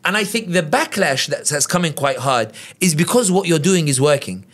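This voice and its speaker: A man from the United Kingdom giving lively conversational analysis as a podcast guest, often acting out quotes. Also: on the high side. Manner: animated, quick, acts out quotes in other voices. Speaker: guest commentator.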